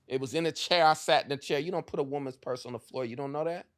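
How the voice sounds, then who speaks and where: A man co-hosting a casual podcast, telling stories with animated, shouted impressions. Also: a little high, fast talker. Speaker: podcast co-host.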